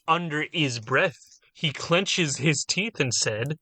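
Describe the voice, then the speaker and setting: Host reading fanfic aloud, bright dry voice, jokes between lines. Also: male voice, fairly high pitch, lively intonation, takes it slowly, no echo. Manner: reads narration, breaks off to joke. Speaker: reader and host.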